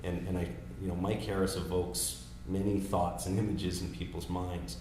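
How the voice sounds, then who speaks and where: A man in his thirties, a political strategist, telling campaign stories in casual, animated talk with many restarts. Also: low voice, normal speed. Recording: echoey room with faint noise.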